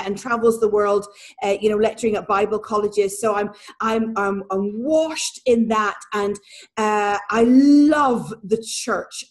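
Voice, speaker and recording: Northern Irish woman, 40s, guest on an interview, bright higher register, animated and laughing. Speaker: guest, prophet and church leader. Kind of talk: casual interview talk.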